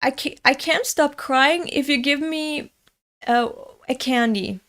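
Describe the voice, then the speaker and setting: A woman's voice: high voice, slow pace, fairly bright tone, pitched above the performer's own voice. A woman doing a whiny crying little boy. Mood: bargaining. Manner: whiny, sulky pleading. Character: crying five-year-old boy, whiny and bargaining.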